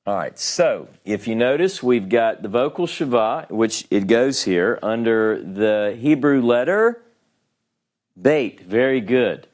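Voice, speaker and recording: Slow, patient man teaching a class. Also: medium pitch, lively intonation, darkish tone. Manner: patient, explaining step by step, frequent "okay?". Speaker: Hebrew teacher. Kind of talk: classroom lesson. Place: classroom with a writing board.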